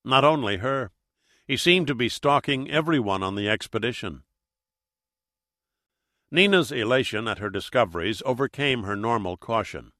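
A man's voice: mid-range voice, dry recording. Man narrating an audiobook, dry sound. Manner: steady, measured storytelling. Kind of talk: scripted narration.

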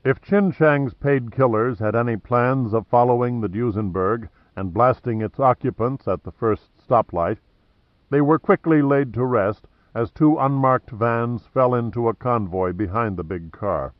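A man narrating an audiobook in a measured, even way. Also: mid-range voice, no room sound, lo-fi sound. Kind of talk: scripted narration.

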